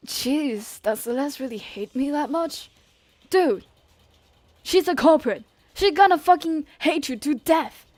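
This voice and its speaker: Female gaming streamer, high-pitched and excitable, dry close mic. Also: measured pace, no echo. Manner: excitable, laughs a lot, reads dialogue aloud. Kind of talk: excited gameplay commentary.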